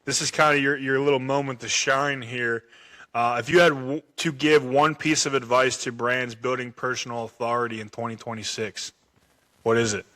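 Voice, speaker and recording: Bright-voiced male podcast host. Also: medium pitch, steady tone, moderate pace. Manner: chatty, repeats words while thinking. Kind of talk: casual interview chat.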